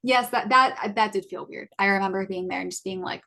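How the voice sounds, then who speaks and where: Young woman telling a story haltingly. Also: mid-range voice, gravelly, sharp tone. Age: 20s. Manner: halting, many fillers and self-corrections. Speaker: podcast co-host. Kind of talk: casual personal storytelling.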